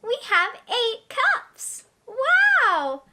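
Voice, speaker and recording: A young adult woman teaching toddlers through play, talking in a slow, exaggerated, encouraging sing-song. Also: extremely high pitch, big pitch swings, heavy background noise. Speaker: early-childhood teacher.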